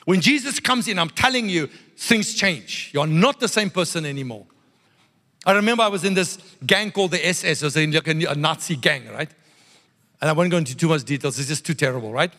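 Male pastor, animated sermon delivery, bright tone, reverberant hall. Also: fairly high pitch, a little fast. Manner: animated, playful preaching with call-and-response asides.

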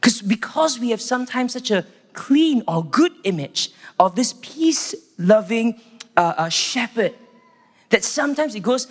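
Man, Singaporean English accent, church sermon, animated storytelling, reverberant hall. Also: very high-pitched, normal speed. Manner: animated storytelling, acts out quotes. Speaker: church staff preacher. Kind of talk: sermon with opening prayer.

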